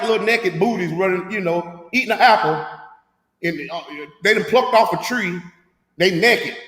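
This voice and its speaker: A man's voice: high-pitched, fairly bright tone, reverberant, long reverb tail. A man leading a scripture class, preaching emphatically with rhetorical questions in a street-talk manner.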